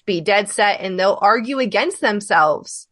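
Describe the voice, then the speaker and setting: A woman's voice: mid-range voice, expressive, measured pace, fairly bright tone, dry recording. A woman hosting a podcast who tells stories bluntly and without a filter, in a casual conversation. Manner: blunt, unfiltered storyteller. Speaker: podcast host.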